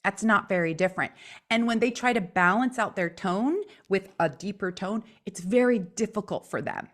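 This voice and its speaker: A woman coaching on speaking voice, lively and demonstrative. She teaches in a conversational way, often acting out the sounds she describes. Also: medium pitch, moderate pace. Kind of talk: instructional chat.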